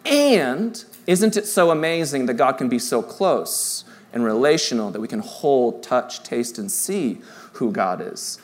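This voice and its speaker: A man preaching an Easter sermon in a church in a conversational style, dropping to soft, hushed tones for tender lines. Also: mid-range voice, big pitch swings, a little slow. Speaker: pastor.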